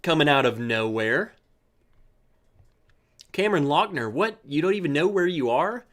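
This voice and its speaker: A man with a fairly high, animated voice speaks a little slowly, pausing often, with a slightly bright tone. He's hosting a live stream, chatting casually, cracking jokes, and greeting viewers by name as he reads their comments.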